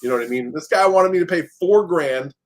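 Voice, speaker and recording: A man's voice: fairly high pitch, fast. Chatty man retelling a repair saga. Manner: storytelling, acts out quoted exchanges, many fillers. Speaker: short-term rental property manager. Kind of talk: casual podcast chat.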